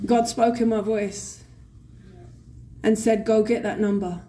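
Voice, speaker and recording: A woman with a London accent telling her recovery story at a convention, blunt, swearing and animated. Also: on the high side, slow, long pauses. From England. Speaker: recovery speaker. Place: convention hall stage. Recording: faint room noise at a convention.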